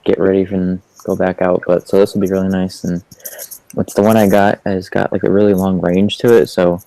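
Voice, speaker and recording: Low-voiced easygoing man, dry sound. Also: level tone, a little fast, creaky, warm tone, no room sound, low-quality recording. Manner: easygoing, agreeable, frequent backchannels. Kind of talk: casual chat.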